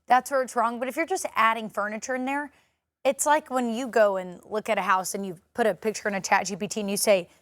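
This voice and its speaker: A woman's voice: fairly high pitch, fairly even intonation, fast, fairly bright tone, no room sound, studio quality. A woman from Arkansas with a Southern accent, chatting playfully and giving strong opinions as a morning show co-host. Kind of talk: casual chat.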